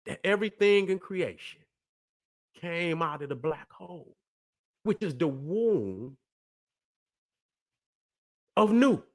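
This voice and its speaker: High, bright-voiced man preaching on a livestream. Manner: profane, emphatic, constantly asks "you see what I'm saying". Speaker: livestream host.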